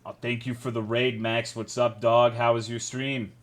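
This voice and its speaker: A man's voice: medium pitch, flat delivery, normal speed. A man streaming live, chatting casually with his chat, greeting viewers and swearing a lot while joking around.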